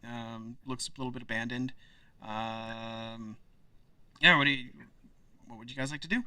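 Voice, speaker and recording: A man narrating a tabletop game as game master, relaxed and rambling. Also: mid-range voice, unhurried, dry recording, distant mic.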